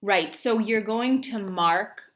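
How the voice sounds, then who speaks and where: A woman's voice: medium pitch, takes it slowly, a bit bright. A woman instructor walking students through a lab task on screen, talking informally with many ums and restarts. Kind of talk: screen-recorded lab walkthrough.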